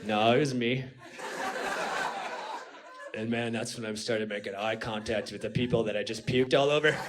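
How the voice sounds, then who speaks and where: A male stand-up comedian telling a rambling story on a comedy club stage, dropping low and quiet before building up to shouting. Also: steady tone, normal speed, a crowd in the background. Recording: live club recording with audience noise.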